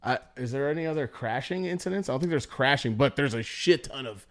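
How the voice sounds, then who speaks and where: A man's voice: mid-range voice, animated, fast. A young man co-hosting a podcast, telling rambling, profane stories and quoting people in put-on voices. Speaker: podcast co-host. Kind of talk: casual storytelling chat.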